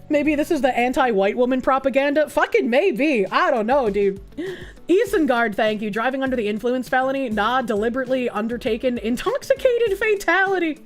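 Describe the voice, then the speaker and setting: A woman's voice: high-pitched, expressive, normal speed, faint music behind. A woman streamer giving blunt, profane, sarcastic commentary in casual chat.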